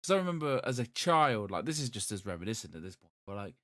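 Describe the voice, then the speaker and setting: A man, co-hosting a podcast in casual, excitable chat full of swearing and restarts. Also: on the low side, quick pace, no room sound. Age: 30s. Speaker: podcast co-host.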